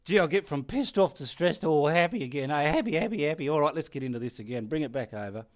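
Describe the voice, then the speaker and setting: Speaking fast in a voice on the high side, a middle-aged man with an Australian accent paints and gives directions behind the scenes. He's casual and swears freely, cracking jokes and muttering instructions to himself.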